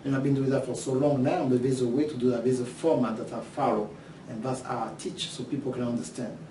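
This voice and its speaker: French-accented man pitching an online course. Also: fast talker, roomy sound, distant mic, noisy background. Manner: animated, acts out imagined questions from students. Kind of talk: course preview talk to camera.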